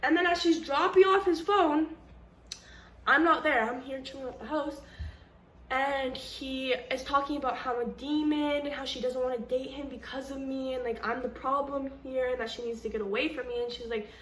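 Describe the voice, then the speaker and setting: High bright-voiced young woman vlogger. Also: normal speed, a little hiss or hum. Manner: animated, slangy, quotes people in her own voice. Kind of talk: casual storytime. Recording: echoey room, faint ambience.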